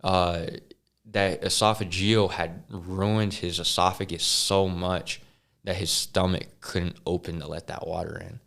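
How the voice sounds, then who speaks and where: A man as a podcast guest, earnestly telling a personal story with halting restarts and sighs. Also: deep voice, steady tone, vocal fry, a bit bright. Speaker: interview guest.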